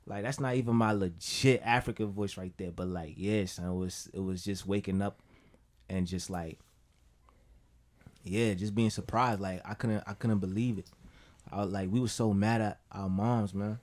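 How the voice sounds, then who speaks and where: Deep-voiced laid-back New man. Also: fairly even intonation, normal speed, darkish tone. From Brooklyn, New York. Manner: laid-back, rambling, fills with "you know what I'm saying". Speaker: guest musician. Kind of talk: casual podcast chat.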